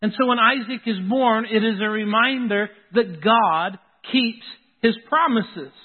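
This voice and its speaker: High-voiced pastor preaching, tinny sound. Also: male voice, measured pace, slightly rough, in a large hall. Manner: earnest, repeats key phrases for emphasis. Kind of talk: sermon.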